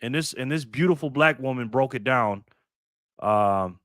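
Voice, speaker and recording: A man hosts a casual reaction live stream, talking bluntly and swearing freely. He rants in a direct, cutting way and stops to thank viewers by name. His voice sits at an ordinary male pitch, recorded close and dry. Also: unhurried, fairly bright tone, no echo. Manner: blunt, profane, ranting commentary.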